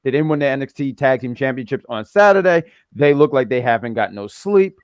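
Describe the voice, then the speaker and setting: A man's voice: medium pitch, lively intonation, fairly quick, clean tone, dry recording, clean studio sound. A man co-hosting a wrestling review show, joking and rambling in casual chat.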